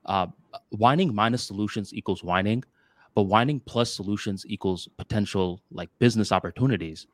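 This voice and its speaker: A man co-hosting a podcast, talking in a rambling, casual way, full of "like" and "dude" and quick restarts. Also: no echo, studio quality. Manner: rambling, filler-heavy with lots of "like" and "dude"; animated, jumps to higher pitch when voicing others. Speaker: podcast co-host.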